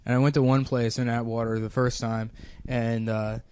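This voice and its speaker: A man in his thirties, a podcast host, telling a rambling comic story in a casual, deadpan way, full of fillers. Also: medium pitch, normal speed, smooth, dry recording.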